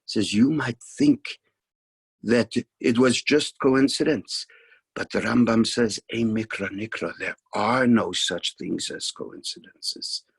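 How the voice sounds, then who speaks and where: A man's voice: mid-range voice, slow pace, creaky, slightly rough, dry recording. A man telling a story aloud, acting out the dialogue and dropping to a near whisper at tender moments. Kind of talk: spoken storytelling.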